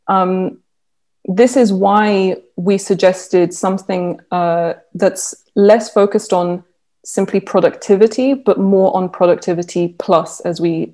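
A woman's voice: medium pitch, dark tone. A woman researcher explaining her findings in an interview, with frequent ums and restarts. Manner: hesitant, many fillers and restarts. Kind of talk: interview answer.

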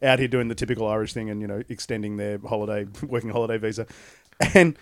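A man's voice: fairly low pitch, fairly even intonation, fast talker, dry recording, clean studio sound. A man co-hosting a casual podcast, telling stories in a rambling way and laughing often. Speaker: podcast co-host.

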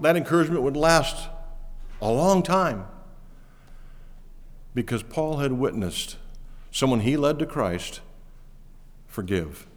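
A male pastor delivers a sermon with a lively, swinging pitch, lifting and pressing on each word he stresses before sinking low again. His voice rings through a church hall with a long reverb tail. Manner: emphatic, rising to stress key words, then dropping low. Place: church auditorium.

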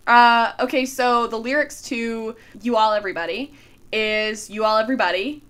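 A Canadian woman with a fairly high voice co-hosts a casual podcast. She talks in a chatty, easygoing way, and her sentences fade off softly at the end. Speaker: podcast co-host. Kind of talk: casual chat about a TV episode.

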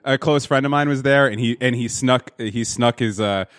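A man's voice: medium pitch, normal speed, clean tone, no echo, clean studio sound. A man hosting a podcast, telling a profane, rambling story in a casual way with lots of fillers and restarts. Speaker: podcast host.

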